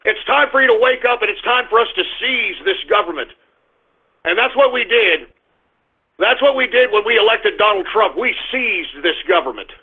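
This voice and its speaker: Older male talk radio host, high-pitched, fiery and repetitive, with tinny phone-quality sound. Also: animated, moderate pace, slightly rough. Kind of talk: political talk radio monologue.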